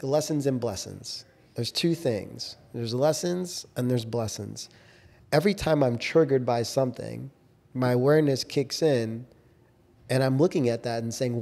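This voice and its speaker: A man's voice: mid-range voice, creaky, warm tone. A man co-hosting a casual conversation, explaining his ideas in an earnest, coaching way. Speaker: podcast co-host.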